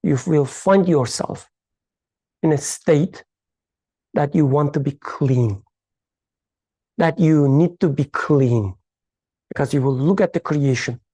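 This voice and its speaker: Slow, halting speaker in a study circle. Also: mid-range voice, mellow, slightly rough, no echo. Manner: halting, searching for words, thinking aloud; uneven non-standard English grammar. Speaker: study circle participant explaining a hadith. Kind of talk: reflective discussion in a faith study circle.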